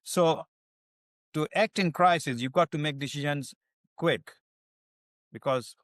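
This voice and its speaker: A man, a podcast guest, giving advice in a measured way with hesitant fillers. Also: a little high, fairly bright tone, dry recording, clean studio sound. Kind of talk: conversational advice.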